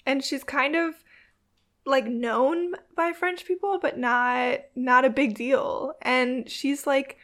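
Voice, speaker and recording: A woman's voice: high voice, slow, fairly bright tone. A young woman co-hosting a casual chat, enthusiastic and full of fillers. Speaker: co-host.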